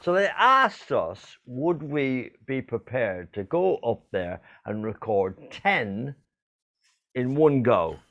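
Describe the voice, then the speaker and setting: A man's voice: medium pitch, very animated, slow, fairly bright tone, muffled recording. An older Irish man, a singer co-hosting a live video show, chatting in a playful, showman's way. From Ireland. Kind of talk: casual chat.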